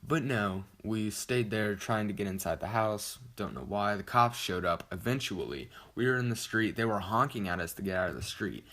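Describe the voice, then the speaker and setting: Speaking at normal speed with few pauses, a teen boy vlogger rambles through a casual story, cursing and saying "like" constantly. His voice sits on the low side with a fairly bright tone.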